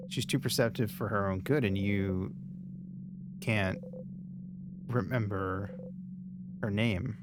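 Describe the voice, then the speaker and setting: Low-voiced man reading game text. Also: background noise. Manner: reads game text aloud between short casual remarks. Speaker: streamer. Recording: game music behind.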